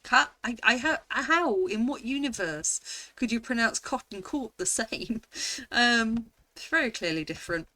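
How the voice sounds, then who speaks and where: An English woman vlogger talks her way through a quiz in a slightly high, bright voice. She thinks aloud at an unhurried pace, sounding words out and exclaiming in disbelief, with a dry, close sound. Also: no echo. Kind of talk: casual talk-through of an online quiz.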